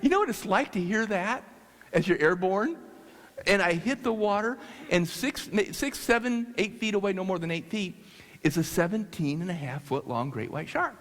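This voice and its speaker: A man from the United States telling a story to an audience, animated and halting with restarts. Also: high-pitched. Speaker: speaker. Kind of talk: storytelling talk. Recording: long hall reverb.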